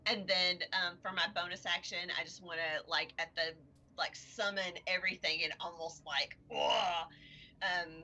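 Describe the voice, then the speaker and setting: A woman's voice: fairly low pitch, fairly even intonation, moderate pace, pushed and bright. A woman playing a tabletop game, hesitant and full of fillers, often laughing at herself. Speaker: player.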